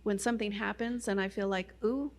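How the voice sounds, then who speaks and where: A middle-aged woman shares her testimony in an easy, chatty manner. Her voice sits at an ordinary pitch, and she often scatters "you know" through her sentences as she tells her story. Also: fairly even intonation, normal speed. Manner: conversational storyteller, many "you know" fillers. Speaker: guest speaker at a Christian ministry. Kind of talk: personal testimony talk.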